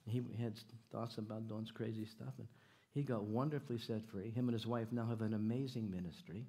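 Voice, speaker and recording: A man preaching a church sermon, animated and jokey, often repeating his phrases and questioning the congregation. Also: on the low side, a little fast, breathy edge. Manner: animated, jokey, repeats himself, audience call-outs. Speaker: guest preacher. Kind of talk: sermon with stories and jokes. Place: church sanctuary.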